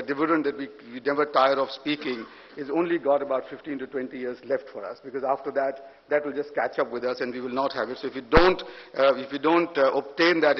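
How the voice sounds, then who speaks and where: An Indian man gives panel remarks as an economist, halting and repeating words as he goes. His pitch is middling. The sound is dull and carries long reverb from a large hall. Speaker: economist, report author.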